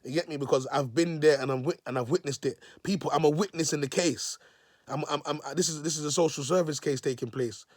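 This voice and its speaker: A man's voice: on the high side, fairly quick, no echo, clean studio sound. A man, a self-styled prophet preaching in a vlog, repeating himself and calling his listeners "people". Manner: repetitive, emotional, restarts phrases.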